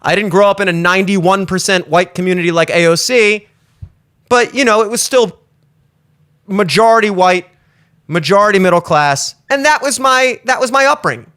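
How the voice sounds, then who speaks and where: A man from the Baltimore area hosting a show, delivering an animated, profane, rambling comedic rant. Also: sits high, normal speed, clean tone. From Baltimore area, USA. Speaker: show host.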